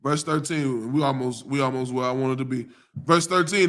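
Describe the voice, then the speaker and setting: A man with a Southern US accent teaching scripture on a live stream, mixing casual slang and laughter with slow verse readings. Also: fairly high pitch, bright, forceful tone. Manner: casual street slang, laughs often, reads verses slowly.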